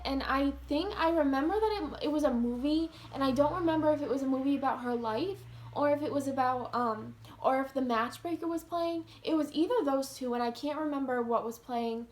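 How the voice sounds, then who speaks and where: Brief: young woman vlogger, high voice, earnest, chatty, lots of "like". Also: moderate pace. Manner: earnest, heavy use of "like". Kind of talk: casual storytelling to camera.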